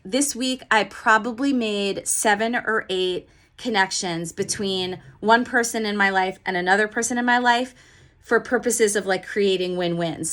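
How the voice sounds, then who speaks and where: A woman's voice: medium pitch, sharp tone. A woman who works as a leadership coach, giving a casual motivational talk in a chatty, enthusiastic way. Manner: chatty and enthusiastic, with many fillers and restarts.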